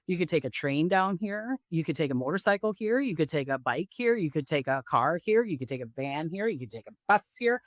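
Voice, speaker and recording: A woman's voice: low-pitched, a bit bright, no echo, clean studio sound. A middle-aged woman, a psychic, talking casually in an interview and acting out the voices of people she quotes. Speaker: psychic medium guest. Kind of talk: casual spiritual interview talk.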